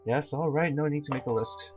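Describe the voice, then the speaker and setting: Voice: mid-range voice, a little fast, faint music behind, natural voice. A player reading as an earnest falcon lawyer. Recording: slightly dull lo-fi recording.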